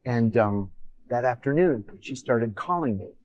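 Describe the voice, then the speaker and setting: A man's voice: medium pitch, measured pace, lo-fi sound. A middle-aged man, a former intelligence officer, telling a personal story casually in a podcast interview and acting out the voices of others. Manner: animated anecdote, voices others in quotes.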